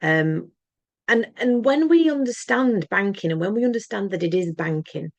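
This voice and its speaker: A woman's voice: medium pitch, animated, moderate pace, dry recording, lo-fi sound. A woman talking in an earnest, emphatic monologue to camera, rambling and often restarting her words. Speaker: channel host.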